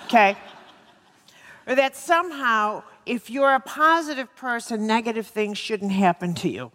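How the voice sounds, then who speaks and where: A woman gives a live talk on healing in a lecture hall, joking with the audience and repeating words for emphasis. Her fairly high, somewhat bright voice is expressive and moves at a normal speed, carried by the hall's long reverb.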